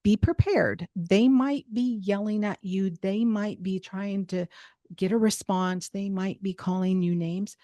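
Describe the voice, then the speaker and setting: A woman hosting a self-help talk, giving steady, instructive advice and repeating phrases for emphasis. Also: medium pitch, measured pace, no echo, muffled recording. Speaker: host.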